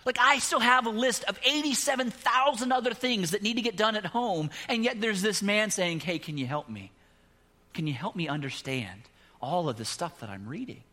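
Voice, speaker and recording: A middle-aged man preaching a sermon, telling a personal story with animated, rising emphasis and closing in a soft prayer. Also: high-pitched, moderate pace. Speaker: pastor.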